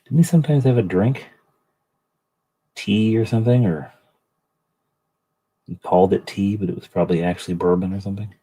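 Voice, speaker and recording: Middle-aged man, deep husky voice, rambling, self-deprecating chat, livestream host. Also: a little fast, pauses often, mellow, low-quality recording. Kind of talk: casual chat while painting miniatures.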